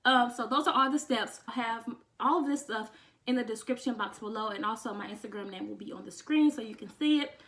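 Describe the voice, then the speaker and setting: A young woman vlogging, talking casually and sassily to her viewers, calling them honey and getting excited almost to tears. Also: on the high side, a little fast. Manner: sassy and chatty, says honey a lot; emotional, close to tears with excitement. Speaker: beauty vlogger. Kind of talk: casual chat to camera.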